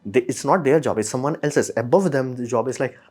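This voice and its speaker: A man from India giving a blunt, exasperated opinion monologue, often mimicking other people in quick asides. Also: medium pitch, darkish tone, slightly rough. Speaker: commentator.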